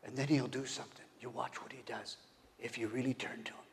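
A man preaching a sermon, asking the congregation questions and swinging from hushed whispers to loud, emphatic calls. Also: mid-range voice, little pitch movement, fast, vocal fry, a little hiss or hum. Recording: long hall reverb.

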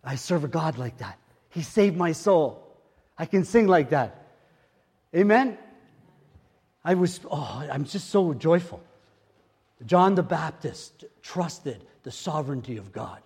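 An older man preaching a sermon as pastor, repeating phrases and swinging from hushed murmurs to loud exclamations. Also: a little high, animated, takes it slowly, gravelly, long pauses, breathy edge, in a large hall. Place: church.

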